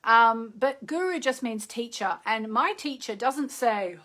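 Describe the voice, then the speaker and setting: A woman's voice: on the high side, expressive, unhurried, hardly any pauses, pushed and bright. A middle-aged Australian woman, an astrologer chatting casually and rambling with many fillers on a live stream. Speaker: astrologer hosting a live show.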